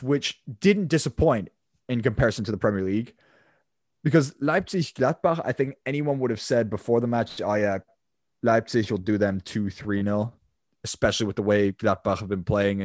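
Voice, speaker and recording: A man with a fairly low voice talks football on a podcast, rambling easily and restarting his sentences as he goes. The sound is dry and close to the mic, with no room around it. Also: a little mellow, no room sound. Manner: chatty, rambling with restarts and laughs. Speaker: podcast co-host. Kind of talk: casual football podcast chat.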